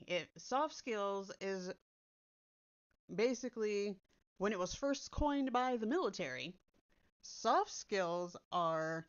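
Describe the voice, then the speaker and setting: Blunt, swearing woman on a dull mic. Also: medium pitch. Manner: blunt, direct, swears casually. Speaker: content creator. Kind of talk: casual chat. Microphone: built-in computer mic instead of her usual microphone. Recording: dull lo-fi sound from a computer's built-in mic.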